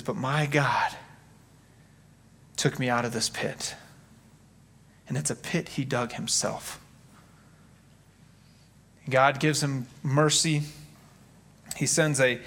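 A man's voice: fairly high pitch, a bit bright. A man preaching a sermon in an earnest, conversational way, acting out quotes from scripture. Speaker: pastor.

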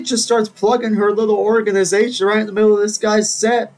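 A man's voice: sits high, little pitch movement, brisk, hardly any pauses, a little mellow, poor audio. A man hosting a podcast, telling a story in a casual, digressive monologue with wry asides. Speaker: podcast host.

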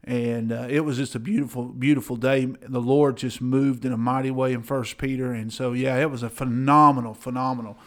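A man's voice: medium pitch, flat delivery, normal speed, few pauses, a little mellow. A middle-aged man, a pastor, talking earnestly and enthusiastically in a casual ministry chat, with many fillers and repeated words.

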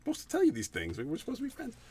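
A man co-hosting a chat show, telling a dating story in a casual way and acting out quotes with big jumps in pitch. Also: huge pitch swings, rapid-fire, mellow, breathy edge. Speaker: podcast co-host.

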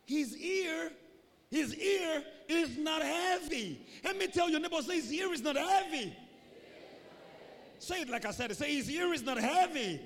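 Animated preacher in a big hall. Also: male voice, extremely high pitch, unhurried. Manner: animated, acts out voices, shouts for emphasis. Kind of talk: sermon. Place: large church hall. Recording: long hall reverb.

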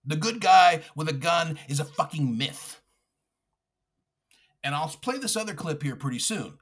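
A man's voice: on the high side, lively intonation, a little slow, slightly rough. A man hosting a podcast, delivering a furious, profane political rant with mocking asides. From United States. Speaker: podcast host.

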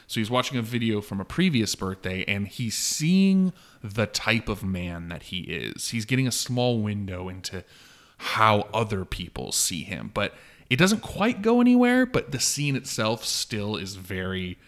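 Rambling man with a lowish voice. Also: big pitch swings, measured pace. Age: adult, long married. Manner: rambling, heavy on "like", acts out quotes with big jumps in loudness. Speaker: podcast co-host. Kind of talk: casual film discussion.

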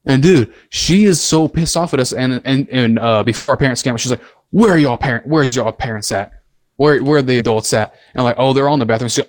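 A man co-hosting a podcast, telling a rambling, animated story full of filler words in casual chat. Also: mid-range voice, brisk, dry recording. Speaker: podcast co-host.

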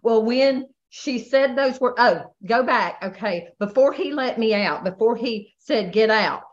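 A woman telling a painful personal testimony in a halting way, full of restarts and pauses. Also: on the high side, muffled recording. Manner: halting, many restarts and "you know". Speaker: guest sharing her testimony.

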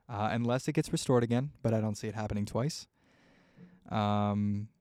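Gravelly young man, casual podcast ramble. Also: lowish voice, a little mellow, no echo, studio quality. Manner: rambling, heartfelt, swears freely, many fillers. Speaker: podcast host. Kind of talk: casual solo podcast talk.

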